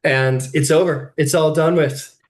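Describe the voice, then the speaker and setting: A man narrating as game master of a tabletop game, telling the scene in a lively, rambling way full of fillers. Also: fairly high pitch, unhurried.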